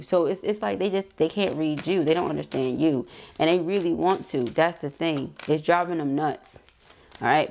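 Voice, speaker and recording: A woman's voice: fairly low pitch, creaky, a little mellow, a little hiss or hum. A woman giving a casual, emphatic tarot reading straight to her viewers. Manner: chatty, emphatic, addresses viewers directly with asides and laughs. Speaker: tarot reader.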